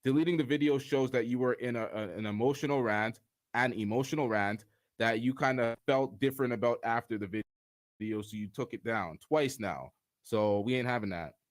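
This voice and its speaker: A man on a live stream reads comments from the chat aloud and rebuts them in blunt, profane casual talk. His pitch sits in the middle range. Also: a little fast.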